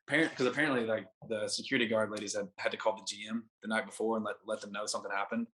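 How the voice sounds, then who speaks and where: A man's voice: lowish voice, steady tone, very fast, hardly any pauses, fairly bright tone. A young adult man, a guest on a podcast, telling a long story in a laid-back, rambling way full of "like" fillers. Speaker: podcast guest, baseball pitcher. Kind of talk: casual storytelling.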